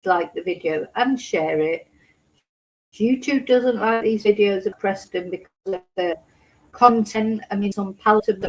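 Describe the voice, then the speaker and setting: Woman chatting on a livestream, rambly and emotional, mid pitch, lots of restarts. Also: rough recording. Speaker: true crime livestream host. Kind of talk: casual livestream chat. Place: home in Spain.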